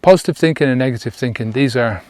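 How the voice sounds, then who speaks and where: A man's voice: mid-range voice, fast, a little mellow. Rambling man chatting to camera. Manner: rambling, many fillers and restarts. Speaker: online coach. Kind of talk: casual talk to camera.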